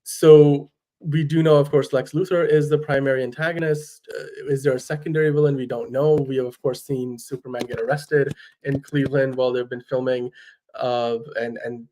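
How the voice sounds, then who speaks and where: Man, podcast co-host, casual, relaxed, chuckly, average pitch. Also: moderate pace. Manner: laid-back, chuckling, lots of fillers. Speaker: co-host of a daily fan news show.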